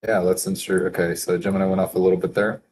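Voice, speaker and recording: A man in a casual solo work session, thinking aloud and reading quotes slowly, chuckling to himself now and then. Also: low-pitched, level tone, darkish tone, a little hiss or hum. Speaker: business consultant reading daily quotes.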